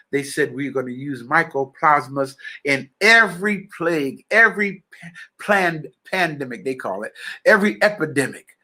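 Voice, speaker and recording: A man delivers an impassioned spiritual message, speaking in a fervent, preacher-like manner. His voice sits high and bright. He talks slowly, addresses listeners directly and repeats key phrases for weight. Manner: addresses listeners directly and checks they follow.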